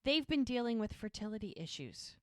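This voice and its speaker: A woman's voice: a little high, very animated, a little fast, a little mellow, no room sound. A woman co-hosting a podcast, retelling a TV episode in casual chat and acting out the characters' lines. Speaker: podcast co-host.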